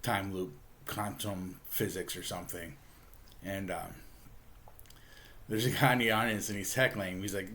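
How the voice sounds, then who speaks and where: A man with a somewhat low voice hosts a relaxed book review. He talks in an easygoing, halting way, filling pauses with ums and uhs and chuckling now and then as he walks through the story. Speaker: book reviewer, channel host. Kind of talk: casual comic book review.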